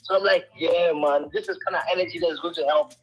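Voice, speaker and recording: A man, a reggae artist, talking about his music in a radio interview, animated and storytelling. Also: high-pitched, fairly quick, gravelly, low-quality recording. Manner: animated storytelling, mimics others' voices.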